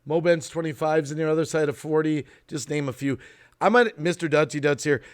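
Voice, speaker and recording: Casting note: a fired-up male stream host with a slightly high voice, on a venting rant. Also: fairly quick. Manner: worked up and ranting, apologizing for cutting in. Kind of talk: casual live stream chat.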